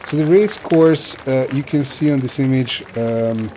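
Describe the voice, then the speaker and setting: A man's voice: mid-range voice, unhurried, crowd noise, background noise. A man narrating a tabletop game as game master, describing scenes with frequent fillers.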